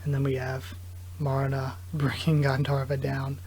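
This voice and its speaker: A man's voice: mid-range voice, monotone, measured pace, a little mellow, husky. A man hosting a casual live reaction video, chatty and amused, often breaking into laughter as he reads dialogue aloud.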